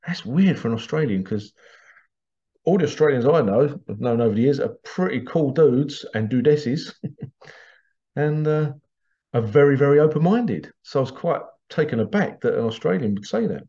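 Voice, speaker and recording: A man's voice: mid-range voice, lively intonation, normal speed, mellow, dull audio. A man hosting a podcast, talking in a loose, rambling monologue with frequent restarts and laughs. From Britain. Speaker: podcast host. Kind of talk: casual monologue.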